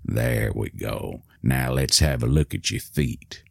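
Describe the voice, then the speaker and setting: A man voicing a kind elderly man who soothes a frightened toddler in a slow, soft voice. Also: extremely low pitch, creaky, breathy edge, no echo, clean studio sound, voice pushed down, exaggerated voice. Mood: soothing. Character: gentle elderly man comforting a hurt toddler.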